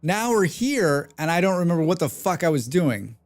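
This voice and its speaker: A man's voice: a little high, big pitch swings, moderate pace. A man livestreaming a game, chatting casually and rambling with plenty of swearing while reacting to chat. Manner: rambling, profane, reads chat aloud.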